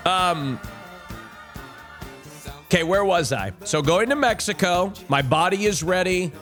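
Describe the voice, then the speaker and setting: A man's voice: high-pitched, expressive, unhurried, fairly bright tone, soft background music. A man streaming casually to his chat, rambling and camp, with crude jokes. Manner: rambling, camp and crude, swinging from chirpy to mutter.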